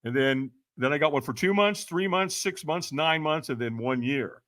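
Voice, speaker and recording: A man in his sixties, a podcast guest telling his personal story in an animated way and acting out voices. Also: a little high, moderate pace, no room sound.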